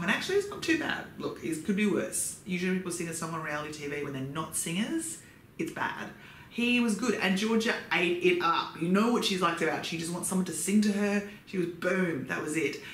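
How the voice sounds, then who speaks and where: A woman casually recapping reality TV, sarcastic and gushing, jumping her pitch up for emphasis. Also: fairly bright tone. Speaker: recap vlogger. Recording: echoey room, faint background noise.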